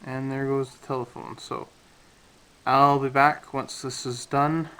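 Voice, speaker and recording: A man casually talking through a scale model build, with relaxed, rambling speech and many fillers, a little out of breath. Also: medium pitch, a little slow, a little hiss or hum, rough recording.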